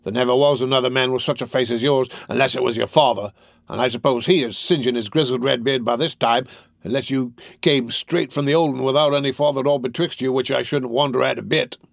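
A man reading an audiobook, voicing a gruff, bullying male robber who snaps out his lines. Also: medium pitch, steady tone, brisk, dry recording, clean studio sound, lightly acted. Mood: contemptuous. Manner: gruff, snapping.

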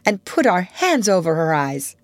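A woman's voice: on the low side, sing-song, normal speed, no echo, voice pushed up. A woman reading aloud voices an eager, self-assured schoolboy in a storybook.

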